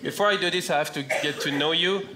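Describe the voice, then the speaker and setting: A man from France with a French accent doing stand-up comedy, delivering punchlines in a slow, deadpan way. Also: a little high, very noisy. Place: comedy club stage with laughing audience. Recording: roomy stage sound with loud audience laughter.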